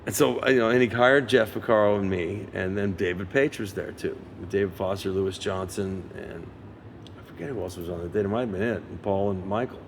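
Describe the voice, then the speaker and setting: A man in his sixties, a session guitarist giving an interview, telling an anecdote with lively energy and acting out other people's lines. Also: fairly low pitch, a little fast, a little hiss or hum. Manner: lively raconteur who acts out others' lines. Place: museum interview set.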